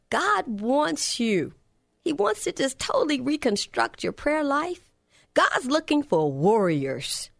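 A woman's voice: mid-range voice, dry recording, studio quality. A middle-aged woman preaching a sermon, telling a personal story in a fervent, heartfelt way.

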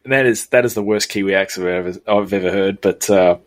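On a sports podcast, a male co-host steadily leads the segments and news in casual sports chat. He talks fast in a voice on the low side.

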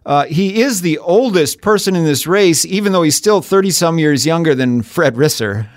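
A man in a relaxed political podcast chat, his voice on the higher side and recorded dry and close. He talks in a chatty, teasing way and laughs often. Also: normal speed, no echo. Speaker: podcast co-host, editorial board member.

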